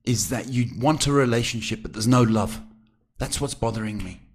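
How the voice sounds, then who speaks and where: A man with a South African accent reads tarot on a live stream. He talks in an animated, familiar way and calls viewers sweetheart. His voice sits at a middle pitch. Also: moderate pace, slightly rough. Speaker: psychic tarot reader. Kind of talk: live-stream reading, casual advice.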